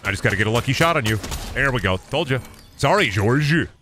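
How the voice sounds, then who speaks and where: A man's voice: medium pitch, expressive, fast, sharp tone, slight background noise. A young man streaming a shooter game, joking around and swearing as he plays. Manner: joking, repetitive bits, swears often. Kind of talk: casual gameplay commentary.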